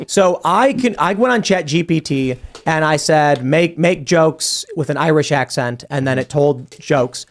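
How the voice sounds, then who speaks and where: Brief: male co-host, higher-pitched, jokey storyteller. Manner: joking, quick storytelling. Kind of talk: political talk show banter.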